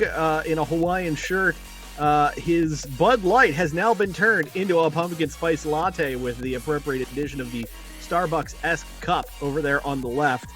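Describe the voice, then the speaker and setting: A man's voice: fairly high pitch, moderate pace, a bit bright, soft background music. A man hosting a live art battle stream with jokey, announcer-style commentary, stretching words for effect.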